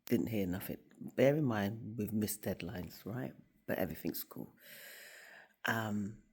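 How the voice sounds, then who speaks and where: A woman's voice: rumbling low, measured pace, creaky, breathy edge. A woman in her office, telling a story in a casual motivational talk to camera and acting out the voices of the people in it. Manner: animated storytelling, acts out quoted voices. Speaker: school staff member and faith vlogger.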